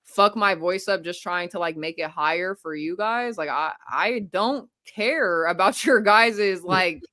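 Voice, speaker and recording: A woman's voice: fairly low pitch, unhurried, fairly bright tone, no echo, clean studio sound. A young adult woman hosting a casual stream, talking bluntly and profanely, brushing off criticism. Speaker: streamer host.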